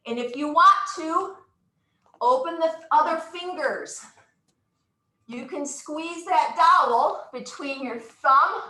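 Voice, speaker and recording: A woman's voice: sits high, pushed and bright, echoey room, poor audio. A woman leading a live exercise class, upbeat and encouraging, counting out moves with whoops and getting out of breath. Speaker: exercise instructor.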